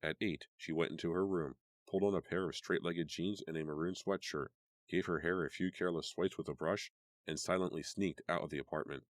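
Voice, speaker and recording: Very deep-voiced male audiobook narrator. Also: fairly even intonation, brisk, no room sound, studio quality. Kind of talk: scripted narration.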